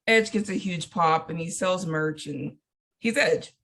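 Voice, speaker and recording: A woman's voice: on the low side, measured pace, a bit bright. A woman co-hosting a casual chat show, laid-back and teasing, laughing easily. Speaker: podcast co-host.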